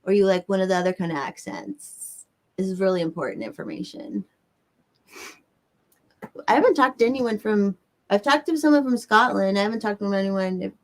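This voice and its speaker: A woman's voice: medium pitch, lively intonation, a little fast, long pauses. A woman with a Southern American accent, hosting a livestream and chatting casually with viewers in a rambling way. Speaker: livestream host. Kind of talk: casual chat answering viewers.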